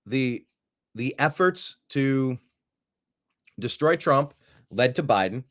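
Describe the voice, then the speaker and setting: Male commentary host, animated pitch, emphatic and mocking. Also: slow. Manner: emphatic, sarcastic, repeats words for effect. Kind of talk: political commentary show.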